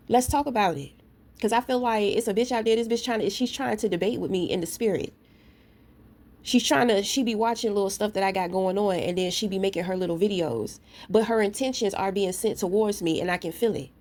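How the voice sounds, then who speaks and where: A woman ranting straight to her camera, blunt and profane, with a confrontational edge. Her voice sits at a middling pitch for a woman. She tells her story in loose, casual talk, full of asides aimed at the listener. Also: a little fast, a little mellow. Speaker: vlogger; parent.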